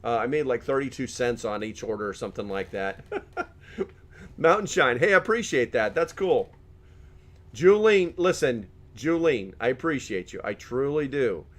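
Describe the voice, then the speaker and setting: A middle-aged man in easygoing live-stream chat, joking his way through viewer comments and laughing often. His voice sits at an ordinary middle pitch. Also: a bit bright.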